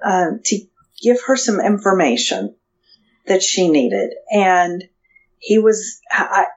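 A woman speaks slowly and hesitantly, often restarting her sentences as she tells a personal story. Her pitch sits in the middle of the range. The sound is dull and lo-fi. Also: expressive, slight background noise. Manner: hesitant, halting with restarts and fillers. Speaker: guest.

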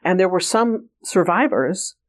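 A woman's voice: fairly low pitch, lively intonation, unhurried. A woman guest in an interview, earnestly telling personal stories in a candid, conversational way with frequent restarts. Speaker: interview guest, remote viewing trainer.

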